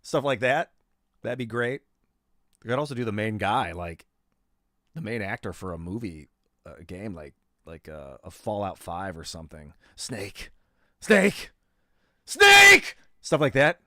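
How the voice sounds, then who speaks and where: A man's voice: on the low side, normal speed, pauses often, no room sound, clean studio sound. A man in his thirties chatting casually on a gaming livestream, rambling and slangy as he talks to viewers. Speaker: gaming streamer.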